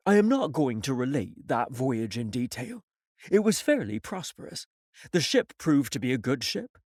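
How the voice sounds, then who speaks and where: A man reading an audiobook in a measured storytelling manner. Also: a little high, darkish tone, no room sound, clean studio sound. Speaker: audiobook reader. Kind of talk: audiobook narration.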